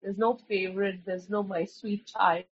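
A woman's voice: mid-range voice, level tone, normal speed, a little hiss or hum. A woman from India, sharing hesitantly in an online prayer meeting and searching for her words. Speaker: prayer group member. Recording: dull, lo-fi call audio.

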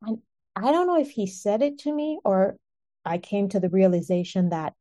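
A woman telling her own story in an earnest, animated way, often breaking into short laughs. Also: mid-range voice, moderate pace. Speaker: speaker sharing a personal testimony. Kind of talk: personal storytelling.

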